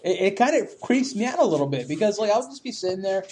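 A man grumbles through a casual chat, cursing almost every line as he complains about people who won't leave him alone. His voice swings from low muttering to sudden loud outbursts. A faint hiss sits behind the recording. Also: sing-song, fast talker.

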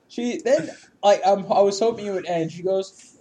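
A man's voice: high-pitched, moderate pace, dark tone, slight background noise. A man chatting casually as podcast co-host, ranting profanely and laughing often. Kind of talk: casual chat.

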